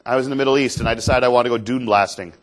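A man from Canada telling an animated, self-deprecating story as a motivational speaker on stage. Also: mid-range voice, racing. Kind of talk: storytelling keynote talk on stage. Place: stage before an audience.

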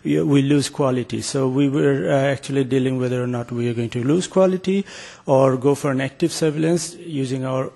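A man's voice: medium pitch, gravelly, mellow. A man presenting a research project in an academic talk, hesitant, with many filler sounds and restarts.

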